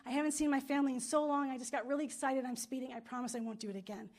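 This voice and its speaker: An excited woman driver who pleads with a police officer in a rushed stream of excuses, as a woman pastor acts her out in a sermon story. Her voice sits on the high side. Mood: pleading.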